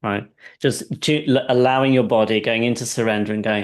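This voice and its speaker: A man coaching a client through a guided session, speaking calmly and checking in often with "right?". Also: medium pitch, fairly quick. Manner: calm and soft-spoken in guidance, animated when telling stories; frequent "right?" check-ins, laughs between points.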